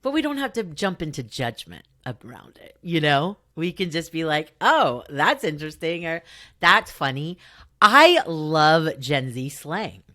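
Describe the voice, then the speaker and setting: A woman's voice: low-pitched, very animated, a little slow, few pauses, bright, forceful tone, dry recording, studio quality. A middle-aged woman with a Valley girl accent, hosting her own podcast in a chatty, upbeat way. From Southern California. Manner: upbeat, chatty, frequent fillers and laughs. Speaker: podcast host. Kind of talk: casual solo podcast talk.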